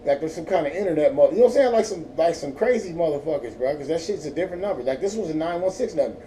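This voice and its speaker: In a laid-back vlog, a man from Northern California's Central Valley, stoned, rattles off a profane, wandering story at a very fast clip. The voice is on the high side, expressive and mellow, captured from a distant mic over faint background noise.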